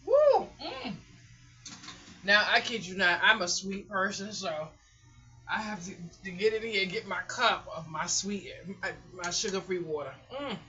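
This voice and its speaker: A woman's voice: medium pitch, moderate pace, dull audio. Chatty woman vlogging at home. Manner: rambling and chatty, animated storytelling with laughs. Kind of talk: casual chat. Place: hot apartment room at home.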